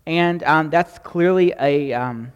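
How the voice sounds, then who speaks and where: A man with a slightly high voice preaches in a chatty, teaching manner. He keeps checking in with his listeners, and his voice rings out with a long hall reverb. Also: slow pace, smooth, highs cut off. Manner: conversational preaching with frequent "right?" asides. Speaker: pastor. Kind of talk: sermon.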